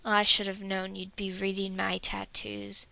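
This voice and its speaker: A big, gentle older dwarf warrior speaks calmly and tenderly, voiced by a woman reading the tale. The voice has a gravelly rasp and a bright, forward tone. It is a storybook reading. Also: unhurried, dry recording, exaggerated voice. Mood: teasing. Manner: calm, low and tender.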